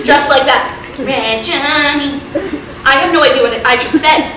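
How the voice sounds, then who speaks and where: A seventeen-year-old girl performing a one-woman comedy show, ranting in an exasperated, self-mocking way. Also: high-pitched. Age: teens. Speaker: solo stage performer. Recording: echoey hall from far off, loud noise.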